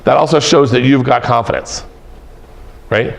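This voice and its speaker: A middle-aged professor lectures a room of students, joking as he goes and hammering points home by repeating words. His voice has a gravelly, fry-edged texture, and he lands in a middle register. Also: medium pitch, normal speed. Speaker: professor teaching presentation skills. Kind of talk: lively classroom lecture. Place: classroom with an audience.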